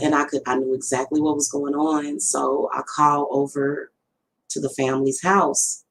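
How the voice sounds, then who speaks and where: A woman's voice: very deep voice, level tone, a little slow, slight background noise, rough recording. A middle-aged woman, a spiritual reader chatting casually to her viewers, rambling and addressing them directly. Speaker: spiritual reader and channel host. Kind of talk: casual livestream talk.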